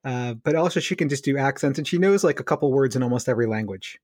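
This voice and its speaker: A man co-hosts a casual podcast and tells a story with lively energy, slipping into quoted dialogue and laughing as he goes. His voice sits at a middle pitch, and the recording is dry and close, with no room echo. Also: fast talker. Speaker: physiotherapist podcast co-host.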